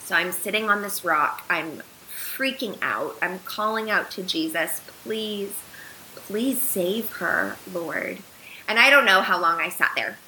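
A woman's voice: on the low side, animated, moderate pace, bright, forceful tone, slight background noise, low-quality recording. A woman in her thirties, a podcast guest, telling a personal story earnestly and with animation, using many filler words.

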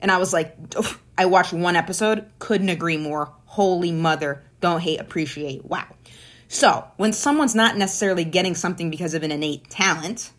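A woman comedian in her thirties, from Maine, with a somewhat low voice, chatting casually on a podcast. She rambles through stories with plenty of swearing and animated, self-interrupting asides. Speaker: stand-up comedian.

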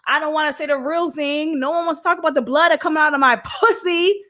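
A woman's voice: high-pitched, quick pace, bright, forceful tone. A young adult woman hosting a podcast, talking bluntly and frankly with swearing and laughs. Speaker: podcast host. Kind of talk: candid solo podcast talk.

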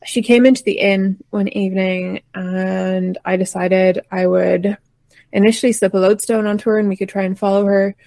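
A woman playing a tabletop role-playing game, speaking nervously and apologetically in character, with halting restarts. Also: mid-range voice, steady tone, gravelly, dark tone, dry recording. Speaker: player.

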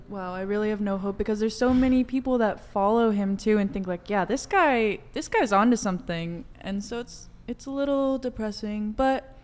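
A woman's voice: medium pitch, darkish tone, slight background noise. A woman on a casual panel, exasperated and pleading as she talks. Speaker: panel guest.

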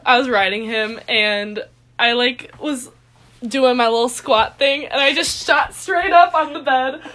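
A young woman co-hosting a casual podcast, bubbly and crude, laughing loudly and often. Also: high voice, measured pace. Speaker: podcast co-host. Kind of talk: casual chat.

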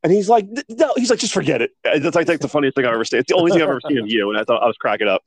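A man co-hosting a podcast, recorded close and dry with no room sound at all. His voice sits in a middle pitch range, and he tells stories with animated energy, always ready with a firm opinion. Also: rapid-fire, no echo. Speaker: podcast co-host. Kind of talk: casual chat.

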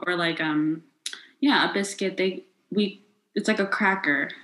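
A woman's voice: fairly low pitch, fairly bright tone. Playful woman guessing, echoey room. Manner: playful, quick, jokey guessing. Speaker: guesser in a word game. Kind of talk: casual chat.

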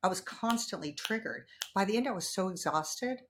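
A woman talking as a podcast guest, telling personal stories frankly and animatedly, jumping from loud outbursts to hushed asides. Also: mid-range voice, lively intonation, moderate pace. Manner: frank, casual swearing. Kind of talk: candid conversational storytelling.

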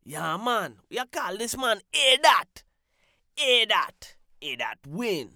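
A man voicing a brash, foul-mouthed comedy podcast host who talks loudly and bursts into high, excited outbursts. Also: slow, no echo, clean studio sound, heavily acted. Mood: loud ribbing. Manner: loud, brash, swears constantly, pitch jumps high. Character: brash loud profane male podcast host. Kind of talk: comic sketch.

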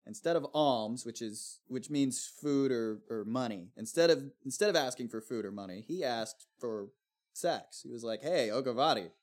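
Co-host, young adult male, mid pitch, playful banter and storytelling. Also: normal speed, darkish tone. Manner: joking reactions, laughs often. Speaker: podcast co-host. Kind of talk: casual storytelling chat.

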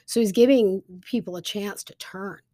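A woman teaching a Bible story in a casual, lively storytelling way, with frequent fillers like "um" and "like". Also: mid-range voice, moderate pace, no room sound, studio quality.

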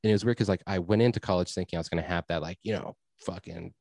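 A man's voice: low-pitched, rapid-fire, creaky, a little mellow, no room sound. A young man telling a rambling story in a casual chat, laid-back, swearing and full of fillers. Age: young adult.

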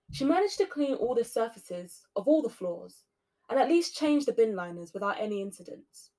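A woman hosting a podcast, narrating a spooky story with expressive shifts between loud and soft delivery. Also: medium pitch. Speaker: podcast host reading a story.

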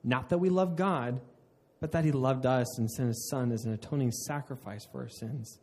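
A man's voice: medium pitch, normal speed, a little mellow, slight background noise. A man preaching a sermon in an earnest way, often restarting mid-phrase and laughing at himself. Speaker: pastor.

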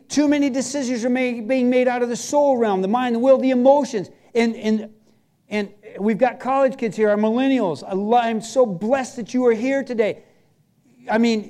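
Male pastor, very high voice, chatty and emphatic sermon storytelling. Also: normal speed, darkish tone. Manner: storytelling preacher, emphatic and conversational.

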